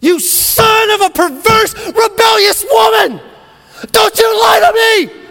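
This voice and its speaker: A man's voice: mid-range voice, expressive, normal speed, over loud music, over a noisy crowd, voice pushed down, natural voice. A man voicing a jealous, volatile aging king who swings from coaxing to screaming rage, in an echoey hall. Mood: enraged.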